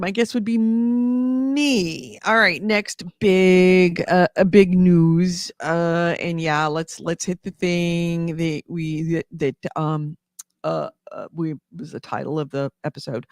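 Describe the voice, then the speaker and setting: A man's voice: high voice, clear, resonant tone, no room sound, clean studio sound. Rambling man on a gaming podcast. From California. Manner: rambling, with many fillers and restarts. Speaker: podcast co-host. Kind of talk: casual news chat.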